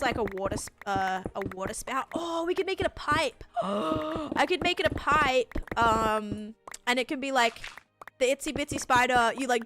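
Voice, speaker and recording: A woman's voice: medium pitch, sharp tone. Chatty young woman streaming a game. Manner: rambling and chatty, many "like" fillers; patiently over-explaining to chat. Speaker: live streamer. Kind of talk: casual live gameplay chat, answering viewers.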